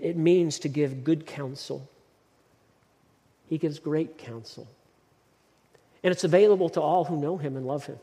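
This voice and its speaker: Guy preaching, kinda high voice, big hall echo trailing off every line. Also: darkish tone. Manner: emphatic preaching with repeated words. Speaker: pastor. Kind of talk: sermon. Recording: long hall reverb.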